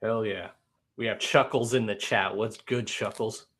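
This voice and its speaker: Bright-voiced easygoing male host. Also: on the low side, fairly even intonation. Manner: easygoing, agreeable, quick affirmations. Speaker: podcast host. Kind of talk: casual chat on a livestream podcast.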